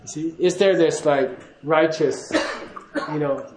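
A man's voice: a little high, fairly even intonation, slow, roomy sound, a crowd in the background, rough recording. A man giving a casual spoken teaching to a class, chatty and laughing, often checking in with "okay?". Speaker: Buddhist teacher.

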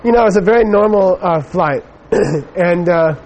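A man's voice: sits high, normal speed, darkish tone, highs cut off. A middle-aged man giving a Buddhist teaching, telling a personal story in a rambling way with many fillers. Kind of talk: dharma talk with personal anecdote.

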